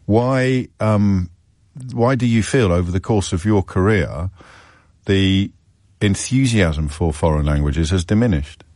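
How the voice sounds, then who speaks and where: A man's voice: sits low, measured pace, a little mellow, dry recording. A male phone-in radio host in a studio, musing aloud with lots of stammered restarts. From England. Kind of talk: casual radio talk. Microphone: studio mic.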